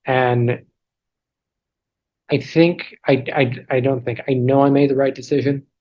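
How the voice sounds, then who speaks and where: A man's voice: medium pitch, a little mellow, poor audio. Chatty man on a video call. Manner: chatty, self-deprecating, many restarts and asides. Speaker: interview guest. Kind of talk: casual storytelling over a video call.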